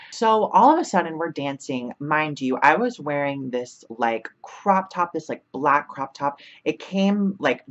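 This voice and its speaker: A woman's voice: a bass voice, muffled recording. Chatty young woman telling a story. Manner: chatty, fills with 'like', laughs often. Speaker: vlogger. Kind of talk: casual storytime.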